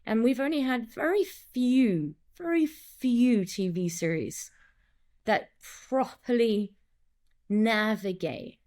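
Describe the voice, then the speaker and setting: A woman director and acting coach in a casual interview, talking in an animated way, acting out lines and quotes, with many restarts. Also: on the high side, takes it slowly.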